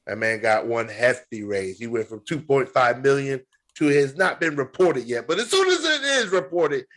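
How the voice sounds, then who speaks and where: Man, podcast co-host, casual sports talk, animated, emphatic, mid pitch.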